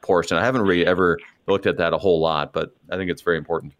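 Male radio host and pastor, lowish voice, brief steady prompts. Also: very fast, muffled recording. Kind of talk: radio interview.

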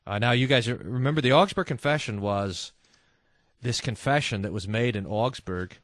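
A man hosting a casual religious talk show, reading listener quotes and mimicking people in quick asides. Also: mid-range voice, no room sound, studio quality. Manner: animated, mimics voices in asides. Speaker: host.

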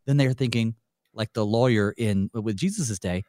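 A man's voice: normal speed, no room sound, studio quality. A man who is a pastor and guest on a radio Bible study, talking thoughtfully and acting out examples. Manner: thoughtful, uses lively pitch to act out examples.

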